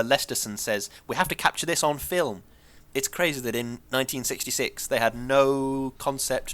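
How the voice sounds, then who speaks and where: A man co-hosting a podcast in casual chat, given to animated, indignant rants. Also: medium pitch, clear, resonant tone. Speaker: podcast co-host.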